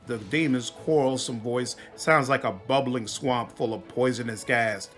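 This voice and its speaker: A man who makes gaming videos, reading game dialogue and narration aloud in a plain, even way during a playthrough. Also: mid-range voice, a little slow, few pauses, soft background music.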